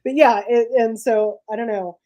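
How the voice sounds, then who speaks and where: A woman's voice: fairly high pitch, fairly even intonation, moderate pace, warm tone. Emphatic profane female podcast co-host. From family from the Azores, Portuguese heritage. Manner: emphatic, profane, laughs while talking. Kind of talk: casual chat.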